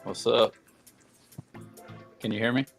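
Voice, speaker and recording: A man's voice: mid-range voice, fairly even intonation, slow pace, gravelly, soft background music. Matter-of-fact man joining a stream. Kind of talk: casual chat.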